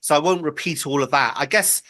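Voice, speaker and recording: Opinionated male guest, sharp tone, dry sound. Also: a little high, brisk, dry recording. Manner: blunt, opinionated, many ums. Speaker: panel guest, fellow show host. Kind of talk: panel news debate.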